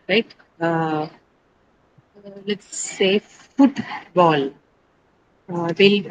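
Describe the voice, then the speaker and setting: A woman's voice: lowish voice, a little hiss or hum, low-quality recording. A woman teaching an online English class, explaining step by step and often checking in with her students.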